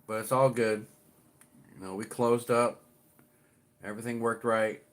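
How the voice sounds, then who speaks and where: This middle-aged man talks to his livestream audience at an unhurried pace, his fairly low voice keeping a steady tone. He welcomes viewers in a loose, meandering way and swears a little along the way.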